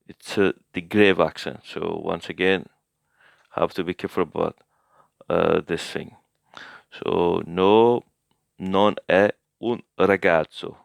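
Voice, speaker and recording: A man with a deep, gravelly yet smooth voice gives a casual language lesson, pausing often as he thinks aloud and corrects himself. He speaks slowly, and the recording is close and dry. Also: no room sound. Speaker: language learner teaching a recap.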